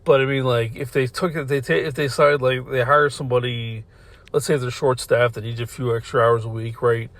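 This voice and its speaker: Man with a middle-pitched voice, casual podcast storyteller in a car, rambling and profane, laughs often. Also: level tone, a little fast, fairly bright tone, no echo. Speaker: podcast host.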